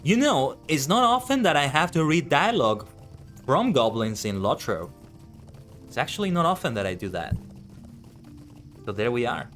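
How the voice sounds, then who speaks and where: A man's voice: mid-range voice, sing-song, moderate pace, pauses often, a bit bright, soft background music. A man with a non-native accent musing aloud in casual live-stream chat while playing a game. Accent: non-native English accent. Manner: thinks aloud, rambling and musing. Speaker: VTuber streamer.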